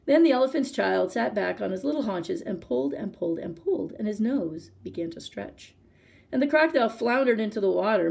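Husky, gravelly woman reading a story. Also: medium pitch. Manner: expressive, addresses listener directly. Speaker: librarian reading to children. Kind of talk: storytime read-aloud.

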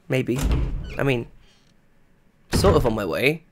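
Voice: medium pitch, big pitch swings, takes it slowly, pauses often, a little hiss or hum. A game streamer giving live gameplay commentary, chatting to viewers and yelping when startled. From England. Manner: chatty, talks to the chat, yelps and shouts when startled.

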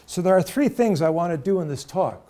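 A middle-aged man addresses a room of university students. His voice sits somewhat high for a man, and he talks in an earnest, storytelling way, often turning to the listeners with direct questions. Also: animated, a little fast, warm tone. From United States. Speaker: lecturer. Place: lecture room.

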